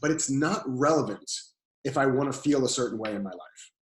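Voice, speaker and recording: A man of ordinary pitch who coaches calmly through a podcast interview, going back over his key phrases. His voice carries a noticeable room echo. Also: brisk. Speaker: guest coach and author.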